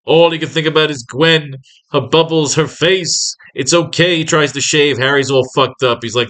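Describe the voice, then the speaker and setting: A man's voice: a little high, moderate pace, fairly bright tone. A man teaching comic writing in a casual, rambling and profane way, acting out scenes as he plans pages.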